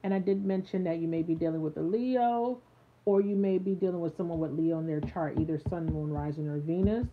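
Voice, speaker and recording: A woman's voice: on the low side, a little fast, noisy background. A woman giving a live tarot reading to her viewers, chatty with many fillers, speaking into a phone set a little way off. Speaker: tarot reader. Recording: tinny phone-like sound.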